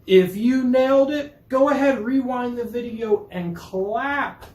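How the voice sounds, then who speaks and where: A man's voice: very high voice, takes it slowly. A man music teacher leading children through rhythm reading indoors, patient and reassuring. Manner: patient, reassuring, warmly encouraging. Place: indoor room. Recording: echoey room.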